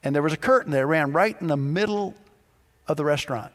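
A pastor delivering a sermon, telling stories and acting out the dialogue in different voices. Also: male voice, fairly high pitch, quick pace, a bit bright, in a large hall. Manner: storytelling, acts out dialogue in quoted voices.

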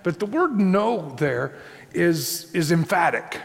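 A male pastor with a high, lively voice and a gravelly edge, preaching in a relaxed, conversational way. He repeats his key points and keeps checking in with his listeners. The sound rings with the long reverb of a hall. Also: slow pace. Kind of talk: sermon.

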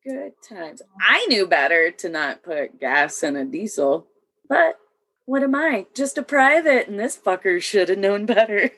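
A woman's voice: medium pitch, unhurried, slightly rough. A woman, an Army veteran, telling stories in casual chat, swearing freely and acting out the dialogue. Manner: profane, animated, acts out quoted dialogue.

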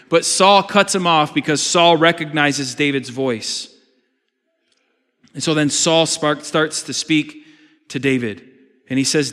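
A man's voice: a little high, moderate pace, pushed and bright. A man preaching a sermon, reading scripture aloud and retelling the story with dramatic emphasis. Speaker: pastor. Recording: long reverb of a large hall.

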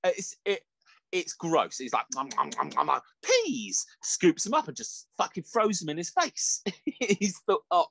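A man's voice: sits high, huge pitch swings, a little slow, fairly bright tone. A man co-hosting a casual podcast chat, laughing often, swearing freely and slipping into mock voices. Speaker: podcast co-host.

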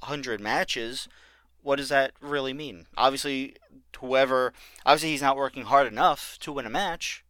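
Smooth-voiced man discussing wrestling news. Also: medium pitch, a bit bright, dry recording, studio quality. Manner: matter-of-fact, explains news. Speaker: podcast co-host. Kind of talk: casual wrestling chat.

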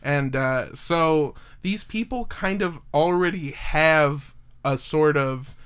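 A man with a fairly high voice tells a story to his co-hosts in a loose, profane way. He wanders into asides as he goes. The talk stays relaxed and chatty. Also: takes it slowly, clean tone. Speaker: podcast host telling a true-crime story. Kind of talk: casual chat.

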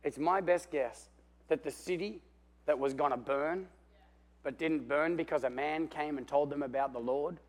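A man preaching a lively sermon in a fairly high voice. He tells the story with animation, swings between booming and hushed, and calls on the room for amens. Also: normal speed. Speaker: pastor.

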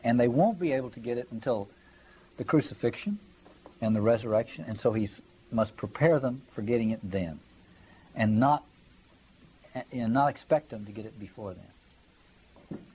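A man teaches scripture in a relaxed lecture, his voice dark and warm. A breathy, husky edge runs under his words as he presses his points and keeps asking whether the listeners follow. He reads passages aloud as part of the talk. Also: medium pitch, moderate pace, long pauses, low-quality recording. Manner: conversational, emphatic, checks in with listeners. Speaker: Bible teacher. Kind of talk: Bible study lecture.

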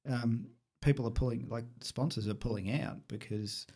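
A man's voice: mid-range voice, normal speed, darkish tone, slightly rough. A middle-aged man, chatting casually with a dry, teasing manner. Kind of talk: casual chat.

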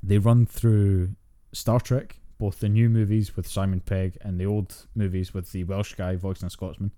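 A Scottish man co-hosting a podcast in casual chat, blunt, sweary and quick to laugh. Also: deep voice, level tone, warm tone. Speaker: podcast co-host.

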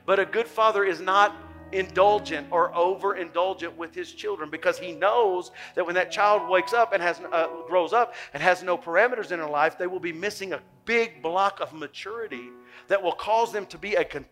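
Impassioned older man preaching, bright voice. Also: sits high, moderate pace, soft background music. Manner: impassioned, swings from soft to loud. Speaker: pastor. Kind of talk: sermon.

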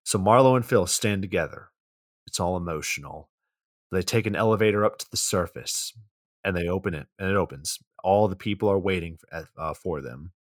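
A man's voice: low-pitched, a little fast, no echo, studio quality. A man co-hosting a podcast, retelling a film plot in laid-back casual chat and swearing freely. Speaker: podcast co-host.

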